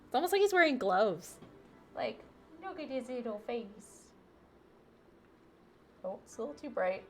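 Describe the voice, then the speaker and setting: A woman's voice: on the high side, sing-song, a little slow, soft background music. A woman chatting casually on a live game stream through a wireless headset, bubbly and talkative, cooing now and then at her pet.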